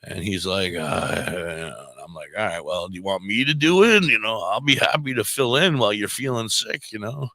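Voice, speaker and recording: A lower-pitched man with a forceful, tense edge to his voice tells a story as a podcast guest. He slips into the voices of the people he quotes. The sound is dry and close, with no room echo. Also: normal speed, hardly any pauses. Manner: animated, acts out quoted dialogue. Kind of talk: casual storytelling. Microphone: podcast microphone.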